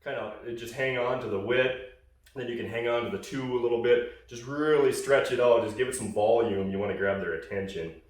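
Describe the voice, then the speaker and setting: A man's voice: mid-range voice, fairly quick, heavy reverb, far from the mic. A man casually explaining goose calling in a hunting call tutorial, rambling with fillers and restarts.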